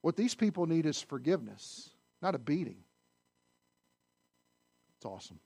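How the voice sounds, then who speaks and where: A man preaching a sermon in a conversational way, asking the listeners questions and swinging between loud emphasis and hushed asides. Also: fairly high pitch, big pitch swings, normal speed, vocal fry, no echo. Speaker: pastor.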